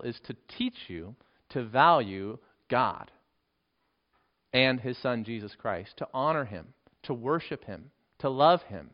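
A man preaching a sermon with earnest emphasis, dropping to a hushed voice for key points. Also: medium pitch. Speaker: pastor. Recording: dull lo-fi sermon recording.

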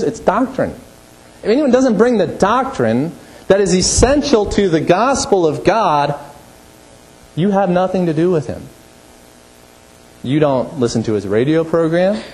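A male pastor preaching a sermon, emphatic, rising to forceful peaks and dropping low. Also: poor audio.

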